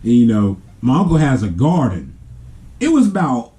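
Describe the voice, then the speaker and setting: A man's voice: medium pitch, big pitch swings, moderate pace, warm tone. A man telling a family story in a casual, rambling way. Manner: rambling, with many fillers and restarts. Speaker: family vlogger.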